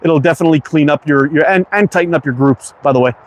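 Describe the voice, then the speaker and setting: Fifty-year-old Quebec English man, slightly high. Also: fast talker. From Quebec, Canada. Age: 50s. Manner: friendly, repeats words, reads chat aloud. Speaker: livestream host. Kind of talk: casual livestream chat.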